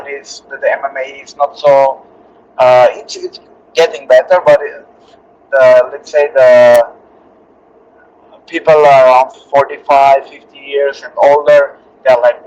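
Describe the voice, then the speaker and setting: A male fighter answering interview questions earnestly in halting, restarting English. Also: medium pitch, steady tone, darkish tone. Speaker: UFC fighter being interviewed. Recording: slightly dull lo-fi audio.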